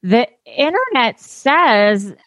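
A woman's voice: a little high, very animated, extremely slow, fairly bright tone, dry recording. A woman co-hosting a podcast in casual chat, wry and matter-of-fact. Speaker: podcast co-host.

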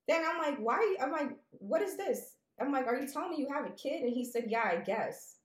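Animated woman in a roomy room. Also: high voice, a little fast. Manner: animated, indignant retelling with quoted dialogue. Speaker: podcast co-host. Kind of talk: casual storytelling chat.

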